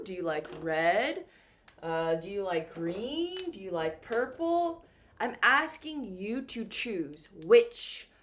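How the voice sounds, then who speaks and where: A woman teaching a beginner English lesson, speaking slowly and clearly and acting out example questions. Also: mid-range voice. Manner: slow and lively, with acted-out example questions.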